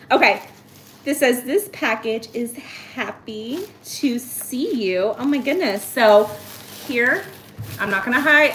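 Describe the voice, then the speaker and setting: A woman in her thirties hosting a casual live-stream haul, chatty and excitable as she talks to viewers by name. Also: medium pitch, slight background noise. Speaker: host. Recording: echoey room.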